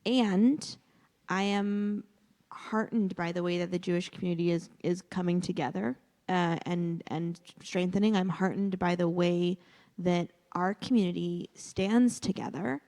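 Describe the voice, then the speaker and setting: Warm-toned female participant, thoughtful and hesitant, reverberant room. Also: lowish voice, steady tone, measured pace. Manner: reflective, hesitant. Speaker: class participant. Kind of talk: group discussion. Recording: long hall reverb.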